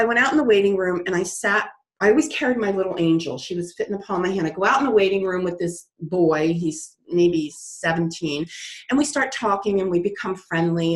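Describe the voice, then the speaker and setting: A woman guest telling stories in an interview, lively and dramatic, acting out the voices in her story. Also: mid-range voice, roomy sound. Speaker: guest author.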